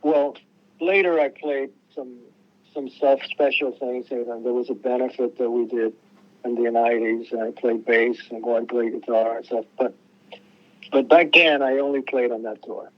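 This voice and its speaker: Heard over a muffled, lo-fi radio feed, this older man is a musician guest in a casual storytelling interview. His voice sits mid-range with fairly even intonation and a moderate pace, and he wanders through his tales, frequently starting sentences over and performing the quotes.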